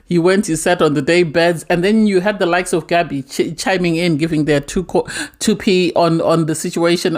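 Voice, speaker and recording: A woman's voice: on the low side, normal speed, a little mellow. A woman hosting her own reality TV recap vlog, blunt and indignant, repeating her points for emphasis. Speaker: reality TV reviewer, channel host. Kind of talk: opinionated casual recap vlog.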